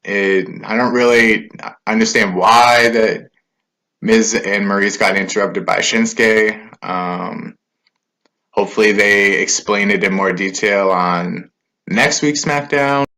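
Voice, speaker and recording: A man's voice: lowish voice, slow, bright, forceful tone. A man giving a casual spoken recap of a wrestling show, loose and conversational with filler words and asides.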